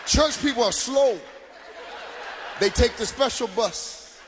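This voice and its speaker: A man performing live stand-up comedy, loud and animated, shouting punchlines to the crowd from a stage. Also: very high-pitched, takes it slowly, noisy background. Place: stage before a live audience.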